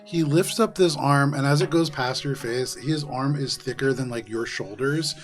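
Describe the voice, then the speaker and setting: A man narrating as dungeon master in a tabletop role-playing game, describing scenes in a relaxed way with fillers. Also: mid-range voice, moderate pace, music in the background.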